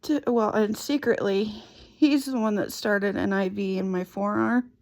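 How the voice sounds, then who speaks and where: A middle-aged woman slowly and haltingly retelling a painful personal story. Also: mid-range voice, vocal fry, darkish tone. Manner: slow, halting, emotional retelling. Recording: dull lo-fi recording.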